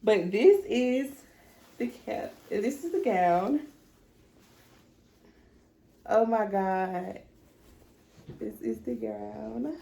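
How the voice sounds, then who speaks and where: Emotional young woman with gravelly voice. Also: mid-range voice, a little mellow. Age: young adult. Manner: emotional, chatty, talks straight to viewers. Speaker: vlogger. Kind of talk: casual vlog unboxing.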